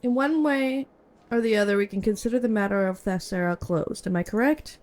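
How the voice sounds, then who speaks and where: A woman's voice: medium pitch, darkish tone, lightly acted. A woman reading as a prim imperial bureaucrat. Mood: formal. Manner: formal, measured, coolly polite. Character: prim female imperial bureaucrat, cold and precise. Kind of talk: reading game dialogue aloud.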